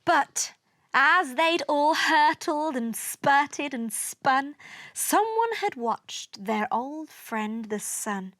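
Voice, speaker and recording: Woman reading a rhyming kids' book, high lively voice, slow and dry. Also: no echo. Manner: expressive, sing-song. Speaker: narrator. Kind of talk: storybook read-aloud in rhyme.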